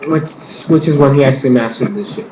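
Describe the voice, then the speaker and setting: A man's voice: mid-range voice, steady tone, fast talker. A man casually reviewing a TV episode, rambling, with lots of filler swearing. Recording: echoey room, muffled, faint hiss.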